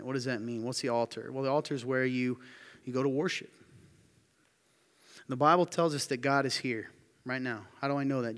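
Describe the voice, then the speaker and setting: A man's voice: medium pitch, a bit bright. A man preaching a sermon to his congregation, talking in an earnest, conversational way that rises to emphatic. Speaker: pastor. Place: church sanctuary. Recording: music playing underneath.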